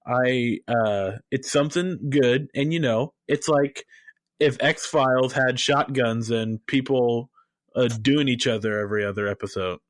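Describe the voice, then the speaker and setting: A man's voice: medium pitch, a little slow, no room sound. A man co-hosting a podcast in casual chat, joking and often laughing as he talks. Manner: laughs through his words, chatty and joking. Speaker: podcast co-host.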